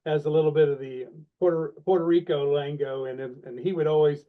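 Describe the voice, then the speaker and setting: A middle-aged man, a guest on a casual podcast interview, telling animated, self-deprecating stories about his sales career. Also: fairly high pitch, a little fast. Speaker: guest, longtime sales leader. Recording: dull, lo-fi sound.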